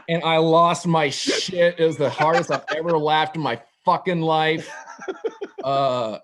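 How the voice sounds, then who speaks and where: Profane, animated male storyteller. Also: fairly high pitch, measured pace, a little hiss or hum. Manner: profane, animated, laughing asides. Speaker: guest storyteller. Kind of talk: comedic storytelling.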